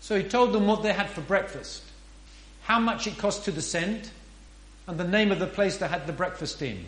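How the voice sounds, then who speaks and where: A man's voice: high voice, normal speed, fairly bright tone. A man preaching a sermon in an earnest, emphatic way, often asking rhetorical questions. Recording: roomy echo.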